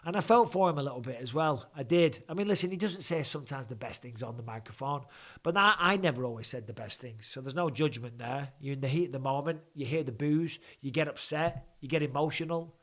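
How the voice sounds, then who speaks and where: A man hosts a live fan Q&A and reaction chat, speaking through a blocked nose in a chatty, off-the-cuff style full of restarts and asides. His voice is medium-pitched, brisk and a bit bright.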